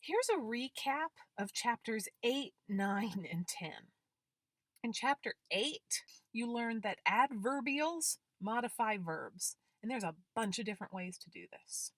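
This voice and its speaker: A woman's voice: fairly high pitch, a bit bright, no echo. A woman grammar instructor giving a recorded lecture, working through examples step by step. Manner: deliberate, explaining with worked examples.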